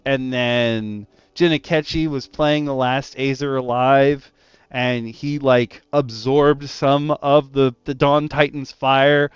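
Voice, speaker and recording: A man's voice: mid-range voice, clean tone, dry recording, muffled recording. A man who is a dungeon master, casually recounting a tabletop session and acting out his players' voices. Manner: animated storyteller, acts out his players' voices. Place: online voice call. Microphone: gaming headset.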